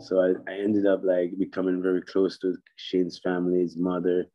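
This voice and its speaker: A man's voice: low voice, completely flat delivery, a little fast, mellow, lo-fi sound. A man telling stories on a podcast as a guest, laughing often and swearing freely. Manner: laughing, profane storyteller. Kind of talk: casual storytelling chat.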